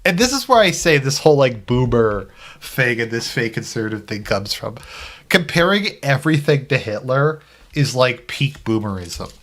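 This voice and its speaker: A man's voice: mid-range voice, very animated, normal speed, fairly bright tone. A man giving casual, rambling commentary on a news article, heavy on fillers and sarcastic asides. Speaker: political commentary vlogger.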